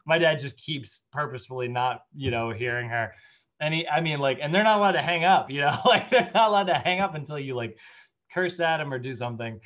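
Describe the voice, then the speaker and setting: A man's voice: a little high, fairly quick, fairly bright tone, highs cut off. Chatty man giving a casual lecture. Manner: chatty, anecdotal, many fillers, laughs while telling stories. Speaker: fitness instructor.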